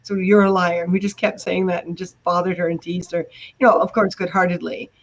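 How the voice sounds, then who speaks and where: A Canadian woman with an Ontario accent hosts a casual live video chat, telling stories in a chatty way with quick asides. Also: fairly low pitch, flat delivery, dull audio. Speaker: host.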